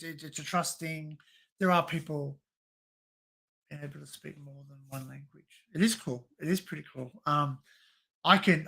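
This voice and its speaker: A man's voice: a little high, pushed and bright. A middle-aged Australian man hosting a casual livestream chat, rambling with lots of fillers and restarts. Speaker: livestream host.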